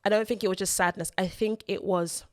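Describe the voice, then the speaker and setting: Woman podcast co-host, heartfelt and halting, dry close sound. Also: medium pitch, steady tone, no echo. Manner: earnest, halting, repeats words when emotional. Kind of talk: candid personal storytelling.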